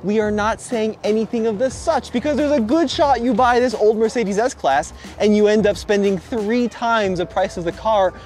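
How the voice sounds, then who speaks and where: Brief: male co-host, high-pitched, wry and showy, walking around a car outside. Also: moderate pace, hardly any pauses, darkish tone. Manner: wry, sarcastic, enthusiastic showman. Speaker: co-host presenting cars. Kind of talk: casual car review chat.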